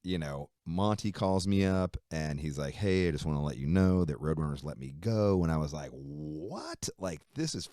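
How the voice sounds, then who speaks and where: A man's voice: extremely low pitch, a little fast, hardly any pauses, no room sound, clean studio sound. A middle-aged man, a musician, telling a story in a casual interview with lots of swearing and fillers. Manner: profane, animated retelling with frequent fillers. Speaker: musician guest.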